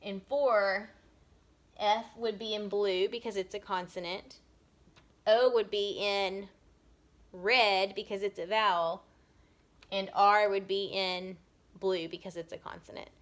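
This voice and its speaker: A woman teacher giving a recorded lesson to young children, patiently stretching out words so they can be heard clearly. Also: mid-range voice, fairly even intonation. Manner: slow, patient, drawn-out sounding of words.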